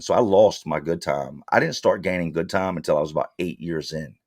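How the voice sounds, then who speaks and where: Deep-voiced man telling it straight. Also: brisk, hardly any pauses, no room sound, clean studio sound. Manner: blunt, street-slang storytelling that voices his own past exchanges. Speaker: interview guest. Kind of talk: candid storytelling.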